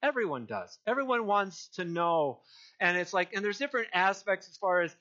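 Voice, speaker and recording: A man's voice: high voice, expressive, normal speed, bright, forceful tone, dull audio. An older man preaching a sermon as pastor, earnest and rambling, restarting sentences and crying out for emphasis.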